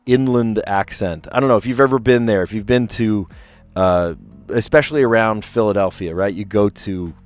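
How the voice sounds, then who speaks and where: A man's voice: lowish voice, normal speed, soft background music. A man from South Jersey with a light South Jersey accent, casually chatting and rambling on a live stream, often cutting himself off mid-sentence. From South Jersey, USA. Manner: rambling, self-interrupting, chatty. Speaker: puzzle streamer host.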